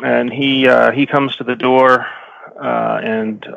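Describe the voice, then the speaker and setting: A man narrates as game master in a tabletop game, slow and halting, stopping often to search for words. His voice is gravelly. The dry recording sounds slightly dull. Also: medium pitch, little pitch movement, fairly bright tone, no room sound. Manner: halting, many fillers and self-corrections.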